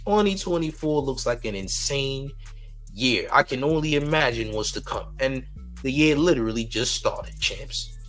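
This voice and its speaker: A man's voice: mid-range voice, lively intonation, moderate pace, a bit bright, faint music behind. Mocking New man hosting commentary. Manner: mocking, slangy, talks to his audience. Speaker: news channel host. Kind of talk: casual commentary.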